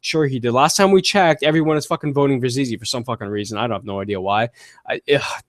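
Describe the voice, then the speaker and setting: A man hosting a casual podcast, answering listener questions with blunt, profane and animated opinions. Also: medium pitch, quick pace, no echo, clean studio sound. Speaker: podcast host. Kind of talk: casual wrestling podcast chat.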